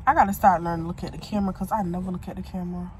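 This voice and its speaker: A woman's voice: fairly low pitch, steady tone, racing, darkish tone, slight background noise. A woman, sick and coughing, complaining in a casual, drawling vlog to camera. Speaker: vlogger.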